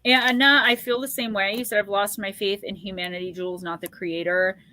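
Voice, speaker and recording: A woman in her forties hosting a casual live psychic stream, chatty and quick to laugh as she talks straight to her viewers. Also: mid-range voice, fairly even intonation, sharp tone. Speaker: psychic livestream host.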